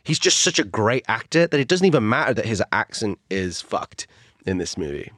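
A man's voice: fairly low pitch, sing-song, normal speed, fairly bright tone, no room sound, clean studio sound. A man co-hosting a podcast in casual chat, speaking wryly, reading quotes from his notes and laughing at his own asides. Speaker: podcast co-host.

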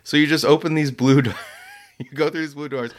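A man's voice: fairly high pitch, fairly quick. A man casually telling a story about a delivery, laughing often and acting out the people he quotes. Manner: animated, laughs often, acts out voices in quotes.

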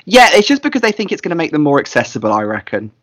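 A man co-hosting a podcast in casual chat, excitable and opinionated. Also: fairly high pitch, rapid-fire. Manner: excitable, opinionated, lots of fillers. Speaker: podcast co-host.

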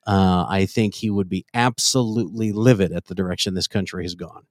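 A man's voice: low-pitched, fairly even intonation, brisk. A middle-aged man co-hosting a comedy podcast, brash and profane, ranting in casual chat. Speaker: podcast co-host.

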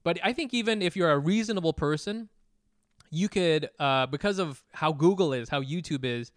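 Animated Vietnamese-American man. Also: fairly high pitch, normal speed, no room sound, clean studio sound. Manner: animated, laughing, swearing, restarts. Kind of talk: casual chat.

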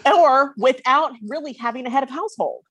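A woman's voice: high voice, a little fast, a bit bright, slightly rough, dry recording. Woman with a dry, close sound. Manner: talks in restarts while searching for words. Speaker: podcast panelist. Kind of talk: casual podcast chat.

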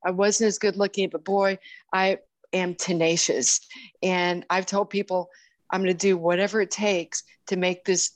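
A woman's voice: on the low side, flat delivery, dry recording. Chatty woman in her sixties. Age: 60s. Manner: warm, halting, with many restarts and fillers. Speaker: guest. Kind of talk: casual interview chat.

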